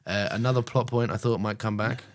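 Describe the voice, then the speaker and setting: A young man with a lowish voice, co-hosting a casual podcast chat. He rambles, swears freely and trips over his own sentences, circling back to restart. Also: steady tone, fairly quick. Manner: sweary, rambling, self-interrupting. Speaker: podcast co-host.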